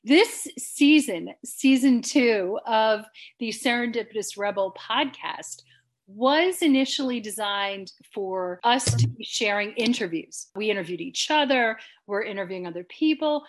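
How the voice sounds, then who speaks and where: A woman's voice: a little high, lively intonation, a little slow. A woman co-hosting a podcast in casual chat, giggly and rambling, poking fun at herself. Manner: giggly, rambling, self-mocking. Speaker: podcast co-host.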